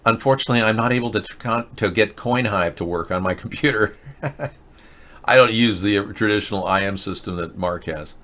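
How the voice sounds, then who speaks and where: A man's voice: on the low side, moderate pace, fairly bright tone. A man hosting a show, ranting sarcastically in casual political commentary. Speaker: host.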